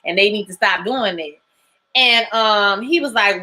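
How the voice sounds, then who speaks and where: A woman's voice: mid-range voice, normal speed, sharp tone. A woman hosting a live recap of a TV drama, telling the story in a casual, slangy way, acting out the characters' lines and laughing often. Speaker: TV recap host.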